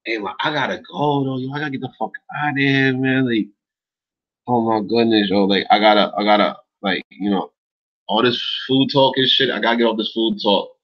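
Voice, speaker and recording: Husky, laid-back man on a lo-fi stream. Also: mid-range voice, fairly quick. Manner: laid-back, rambling, swears a lot, says like and yo often. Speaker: livestream host reading chat. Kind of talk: late-night casual livestream chat.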